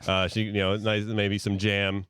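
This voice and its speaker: A man's voice: on the low side, completely flat delivery, unhurried, a bit bright, clear, resonant tone, no echo, clean studio sound. A man co-hosting a podcast who spins an improvised comic story in a rambling, playful way, with plenty of fillers. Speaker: podcast co-host.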